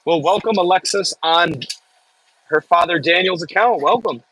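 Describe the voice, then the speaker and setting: A man's voice: high voice, normal speed, fairly bright tone, slightly rough, no echo, poor audio. A man with a Midwestern American accent chatting casually on a live stream, reading viewer comments aloud with jokey asides. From Midwest United States. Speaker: farm worker live-streaming from an excavator.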